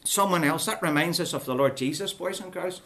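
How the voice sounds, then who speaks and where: A preacher tells a story to a group of children. The delivery is lively and playful, with questions put to the young listeners all the way through. The voice sits at an ordinary middle pitch. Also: fairly quick. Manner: playful, animated, keeps asking the children questions. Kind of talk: children's Bible story talk.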